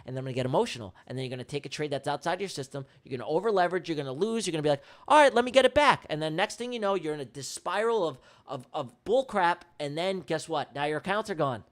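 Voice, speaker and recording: A man's voice: a little high, animated, fast, few pauses. A man hosting a trading livestream who talks bluntly and heatedly, swears freely and repeats lines for emphasis. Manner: blunt, heated rant with profanity. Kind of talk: live-streamed trading commentary.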